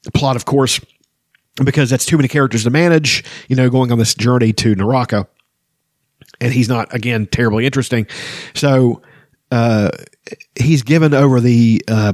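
A man's voice: medium pitch, no echo, studio quality. A man hosting a podcast, chatting casually about a fantasy novel, laughing often and hesitating with fillers. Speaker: podcast host. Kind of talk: casual book discussion with read-aloud passages.

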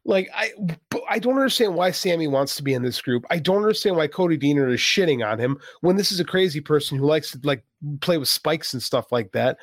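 Exasperated high-voiced man. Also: expressive, brisk, no echo, studio quality. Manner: exasperated, sarcastic, swears freely. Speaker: podcast co-host. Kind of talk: casual wrestling chat.

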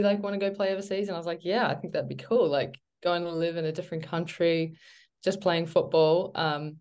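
Here a low-voiced New Zealand footballer relaxes into casual interview chat as a guest, wandering from point to point with lots of fillers and "like."

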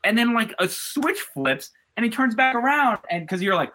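A man guesting on a sports podcast, chatting casually. His voice is bright and forceful. He tells stories animatedly, with frequent restarts and fillers. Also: extremely high pitch, animated, normal speed.

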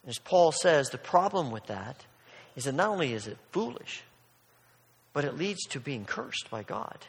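A man's voice: high-pitched, expressive, moderate pace, bright, forceful tone, big-room sound. A man preaching a sermon as a pastor, earnest and emphatic, often restarting and repeating words as he works through a point.

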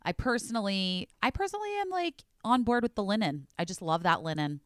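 A woman podcast host reading ads in a casual, enthusiastic, chatty way, sometimes dropping to a quiet voice for emphasis. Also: mid-range voice, sing-song, brisk, no echo, studio quality. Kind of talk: casual chat ad read.

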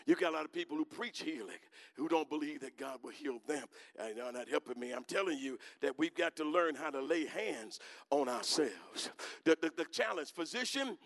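A male preacher giving a sermon in rhythmic phrases, calling on the congregation to answer and swinging from quiet talk to shouting. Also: fairly high pitch, animated, moderate pace.

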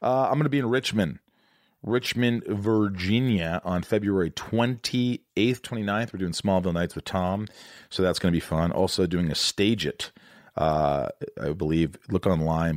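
Deep-voiced American man hosting a podcast. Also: moderate pace, no room sound, studio quality. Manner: rambling, joking, loose. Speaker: podcast host. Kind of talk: casual interview chat.

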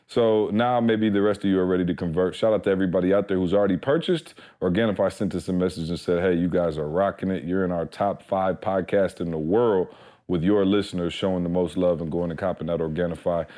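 A man's voice: sits low, quick pace, mellow. A young man co-hosting a podcast, chatting casually in a laid-back, slangy way. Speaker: podcast co-host. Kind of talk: casual podcast chat with ad read.

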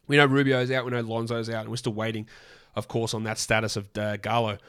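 Hoarse after losing his voice, a man hosts a solo fantasy basketball podcast, talking fast in a mid-range, fairly bright but flat voice. He's opinionated and rambling, frequently correcting himself as he goes.

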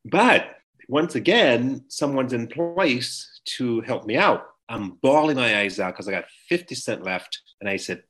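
A man's voice: medium pitch, unhurried. A man in his sixties being interviewed, telling his life story with emotion and acting out the people in it. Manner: emotional, animated storyteller who acts out quotes. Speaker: interview guest.

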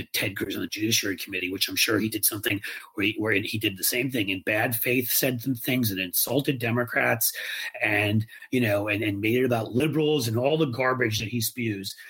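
Guy co-hosting a podcast, bright and a bit husky, lively and mocking. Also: medium pitch. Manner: animated, mimics people in mocking voices. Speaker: podcast co-host. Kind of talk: casual political chat.

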